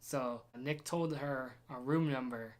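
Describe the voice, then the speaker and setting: A man's voice: medium pitch, slow. A young man narrating a casual travel vlog from a hotel room, telling rambling, jokey stories. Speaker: vlogger.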